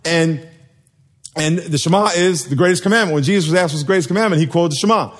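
A man's voice: on the high side, fast talker. A man preaching a sermon to a live congregation, joking and quizzing the people in front of him. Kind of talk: sermon with call and response.

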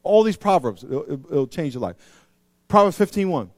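High-voiced animated male preacher. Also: no echo, studio quality. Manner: animated, acts out voices in anecdotes; slows down to read scripture. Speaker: pastor. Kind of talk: sermon.

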